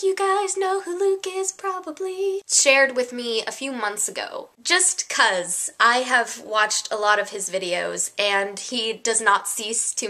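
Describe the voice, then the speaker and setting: A woman's voice: medium pitch, sharp tone. A young woman with an American accent, chatting sarcastically to camera in a casual vlog. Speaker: vlogger.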